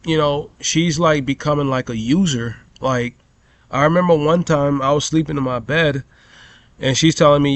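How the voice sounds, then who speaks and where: A man's voice: on the high side, fairly even intonation, normal speed, no echo. A young man telling a profane, rambling story as a vlogger rant, full of "bro" and "you know".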